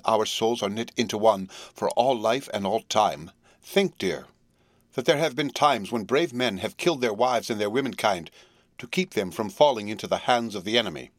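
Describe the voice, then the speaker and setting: A man reading the part of a devoted young wife, earnest and resolute, in a measured pleading tone. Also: on the low side, no room sound, natural voice. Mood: solemn. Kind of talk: audiobook character reading.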